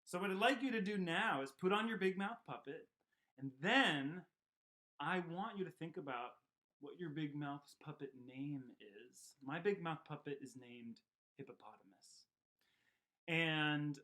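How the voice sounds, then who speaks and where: A man teaching a children's puppet and sing-along lesson at home, speaking gently and encouragingly. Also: on the high side. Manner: gentle, encouraging, talks to kids. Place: home room.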